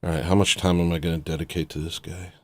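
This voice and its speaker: A man's voice: sits low, little pitch movement, fast, no echo. A man hosting a livestream and talking casually in a rambling, sarcastic way, dismissing a critic in his chat. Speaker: livestream host.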